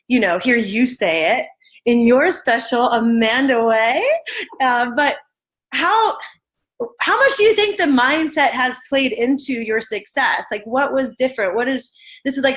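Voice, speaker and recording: A woman's voice: on the high side, fairly bright tone. A woman hosting a podcast interview, chatty and rambling as she frames her questions. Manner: chatty, rambling, many fillers. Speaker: podcast host.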